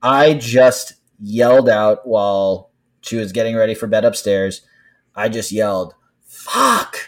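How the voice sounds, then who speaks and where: A man co-hosting a podcast, chatting casually and telling stories in an animated way, breaking into laughs. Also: lowish voice, a little slow. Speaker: podcast co-host. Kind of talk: casual chat.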